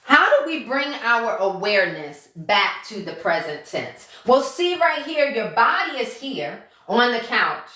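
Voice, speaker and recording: A woman's voice: a little high, big pitch swings, measured pace, few pauses, pushed and bright, roomy sound. A woman giving a casual self-help lesson to her followers as a mindset coach. She repeats each step and checks in with "okay?" and "right?" after nearly every point. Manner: repeats key steps, acts out inner thoughts. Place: room at home.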